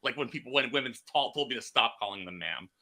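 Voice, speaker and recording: An American man hosting a casual podcast chat, talking in halting bursts full of fillers and restarts. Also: mid-range voice, animated, gravelly, pushed and bright. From United States. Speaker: podcast host.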